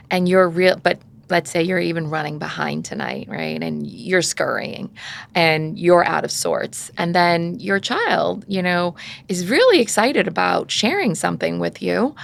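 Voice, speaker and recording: A middle-aged woman talks through parenting advice in a relaxed, conversational way. Her voice sits low with a gravelly edge. Now and then she acts out a stressed parent or an upset child. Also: moderate pace. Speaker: parenting podcast guest expert. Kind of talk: casual advice chat.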